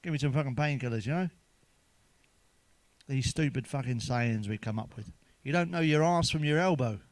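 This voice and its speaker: A man's voice: medium pitch, normal speed, no room sound. A man telling crude jokes in a sweary monologue, chuckling at his own punchlines. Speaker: stand-up comedian.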